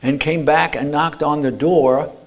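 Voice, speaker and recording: A man's voice: on the high side, steady tone, measured pace. A man giving an earnest motivational talk at an expo, telling stories and restarting words. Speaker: speaker. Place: expo lecture room.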